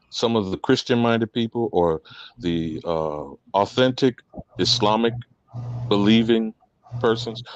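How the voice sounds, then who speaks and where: A man giving impassioned commentary, preachy and emphatic, his voice swinging from loud to soft. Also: fairly low pitch, no echo, muffled recording.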